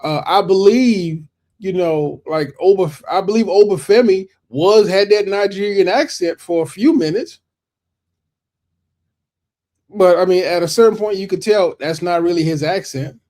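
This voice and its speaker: A man's voice: high-pitched, moderate pace, darkish tone. A man co-hosting a wrestling podcast, talking casually in rambling runs with repeated restarts. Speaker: podcast co-host. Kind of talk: casual wrestling debate chat.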